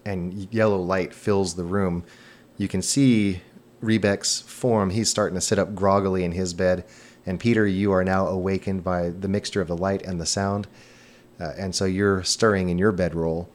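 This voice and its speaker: A man narrating a tabletop role-playing game as game master, in a relaxed, descriptive way with occasional fillers. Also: low voice, moderate pace.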